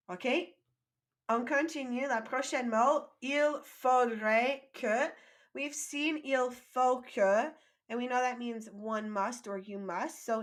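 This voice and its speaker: A woman teaching a French vocabulary lesson, saying each phrase slowly for learners to repeat, then explaining it quickly in English and praising them. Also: on the high side. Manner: encouraging, prompts repetition.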